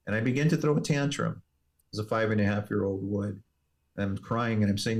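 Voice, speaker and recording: A man, a firefighter and paramedic, telling a personal story as an interview guest in an earnest, measured way. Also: fairly low pitch, fairly even intonation.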